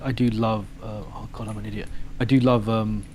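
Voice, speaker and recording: A man's voice: fairly low pitch, flat delivery, brisk, darkish tone, a little hiss or hum, poor audio. Teasing man co-hosting a stream. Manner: playful teasing, stumbling self-corrections. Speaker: co-host. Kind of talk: casual gaming stream chat.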